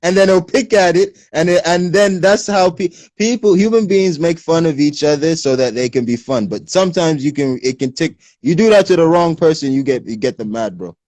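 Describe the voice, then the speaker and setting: A man's voice: fairly high pitch, a little fast, hardly any pauses, no room sound. Man with a slightly American-tinged accent. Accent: English with a slight American lilt. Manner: animated, explaining, street slang. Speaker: livestream host. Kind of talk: casual chat on a livestream. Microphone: phone.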